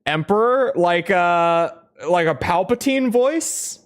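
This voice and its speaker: A man's voice: high voice, lively intonation, slow pace, smooth. A man with a strained throat, rambling and joking about himself while streaming a game. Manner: rambling, self-mocking, laughs often. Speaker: gaming streamer. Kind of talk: casual commentary while playing.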